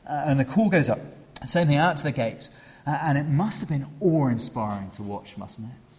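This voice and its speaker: A middle-aged man preaching a sermon. He hesitates often with fillers and restarts, then grows animated when acting out the crowd. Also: medium pitch, normal speed. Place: church. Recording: long reverb of a church hall.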